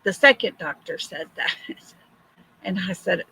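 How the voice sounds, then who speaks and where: Hoarse, gravelly woman streaming. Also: on the low side, sharp tone, poor audio. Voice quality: gravelly, husky. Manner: slow, friendly greetings to viewers. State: hoarse from illness. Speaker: livestream host. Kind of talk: casual livestream chat.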